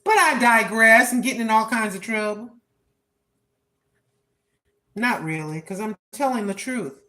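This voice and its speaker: A woman's voice: fairly high pitch, expressive, unhurried, pushed and bright. An older woman talking casually and preachily while live-streaming on a walk, recorded on her phone. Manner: chatty, preachy, talks to herself. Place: outdoors on a walk.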